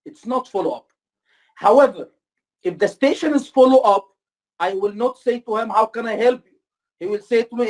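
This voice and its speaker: A native Arabic speaker teaching in English as an exam-prep tutor, slow and deliberate, often repeating points and checking understanding. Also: medium pitch, a little mellow. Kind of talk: online course lecture with role-play.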